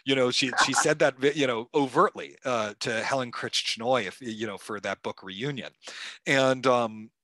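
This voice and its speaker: A man being interviewed as an author, telling history in a lively conversational way with many fillers and restarts. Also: mid-range voice, unhurried, dry recording. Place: stage talk at a club event.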